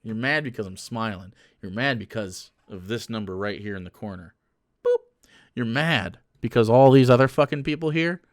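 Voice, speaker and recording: A male streamer talks to his chat in a crude, combative rant full of sarcastic jabs. His voice sounds smooth and clear, close and dry with no room echo. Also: mid-range voice. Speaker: livestreamer. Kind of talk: casual livestream rant to chat.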